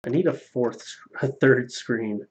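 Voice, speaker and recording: A man's voice: mid-range voice, a little slow. A man on a casual live stream reading viewer donations aloud, loose and profane, laughing at his own jokes. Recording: slightly dull lo-fi stream audio.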